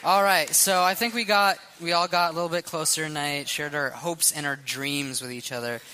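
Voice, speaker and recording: A man on church staff leading a casual youth sermon, relaxed and chatty with many fillers. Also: fairly high pitch, normal speed, in a large hall, noisy background. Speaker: youth pastor. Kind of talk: casual sermon with group sharing.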